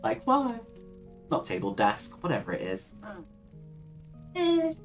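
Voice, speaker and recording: A woman's voice: on the low side, huge pitch swings, slow, faint music behind. A young woman hosting a casual live stream, chatting with viewers, reading their comments aloud and laughing often. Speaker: livestream host.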